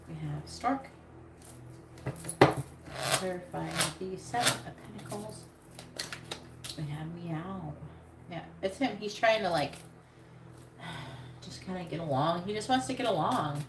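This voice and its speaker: A woman's voice: fairly low pitch, expressive, a little slow, pauses often. Blunt, casual woman reading tarot. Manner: casual, blunt, swears freely. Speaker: tarot reader. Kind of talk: live tarot reading stream. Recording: echoey room with noise.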